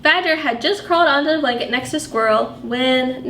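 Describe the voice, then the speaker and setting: A woman librarian reading picture books aloud to young children, animated and sing-song, asking them questions as she goes. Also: sits high, moderate pace. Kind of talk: storytime read-aloud for children. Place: library room. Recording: echoey room with faint background noise.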